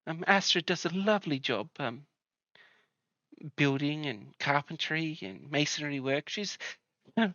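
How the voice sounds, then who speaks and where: A man's voice: a little high, lively intonation, measured pace, pushed and bright, no echo, dull audio, full character voice. A man voicing a welcoming, chatty female herbalist healer who talks with hesitant fillers.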